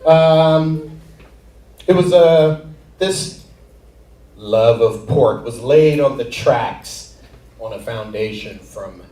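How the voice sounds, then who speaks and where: A man's voice: mid-range voice, extremely slow, pauses often, mellow, reverberant, recorded from a distance. Man telling a rambling stand-up story. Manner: rambling, laughs at his own jokes, acts out friends and family. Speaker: stand-up comedian. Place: comedy theater stage.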